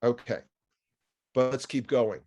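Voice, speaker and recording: A man's voice: mid-range voice, a little slow, darkish tone. A man with a New York accent giving a chatty news commentary, wry and full of asides and rhetorical questions.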